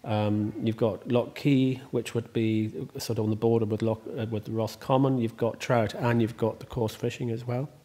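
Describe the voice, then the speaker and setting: A man's voice: mid-range voice, level tone, normal speed, few pauses, mellow. A man, the host, talking casually in an interview, rambling and chatty with many ums and restarts. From Ireland. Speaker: host and estate owner.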